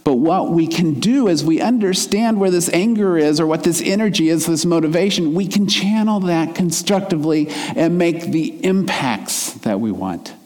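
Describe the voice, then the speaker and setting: A man's voice: fairly high pitch, animated, moderate pace, few pauses, a little mellow. Reflective male preacher in a reverberant hall. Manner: earnest, reflective, with rising and falling emphasis. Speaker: minister. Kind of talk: sermon.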